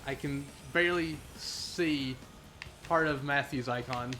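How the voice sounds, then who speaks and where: A young man commentating his own racing gameplay live, playful and jokey, getting excitable as he races. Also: mid-range voice, slow, a little hiss or hum. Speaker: gaming streamer.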